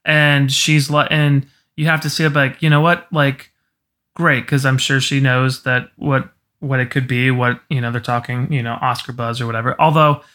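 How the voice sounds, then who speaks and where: A man of middle pitch with a bright, sharp-edged voice. He rambles through his points with lots of "like" and "you know" as he chats about a film. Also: little pitch movement, normal speed. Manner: rambling, full of filler words. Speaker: podcast co-host. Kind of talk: casual film chat.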